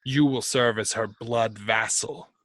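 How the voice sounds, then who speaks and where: A man playing a slow, menacing dark lord. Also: mid-range voice, fairly even intonation, dry recording. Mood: solemn, commanding. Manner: slow, solemn, commanding. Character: menacing dark god-lord whispering to a cultist.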